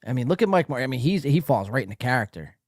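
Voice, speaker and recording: A male podcast host with a lively, swooping voice that rides up and down. He talks in a crude, mocking, profane way, and he is recorded dry and close. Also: mid-range voice, fast, dry recording. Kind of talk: crude casual commentary.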